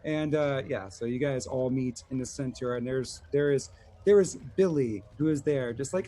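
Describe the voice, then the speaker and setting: A man's voice: mid-range voice, normal speed, dark tone. A man narrating a tabletop game as game master, talking casually with lots of filler words.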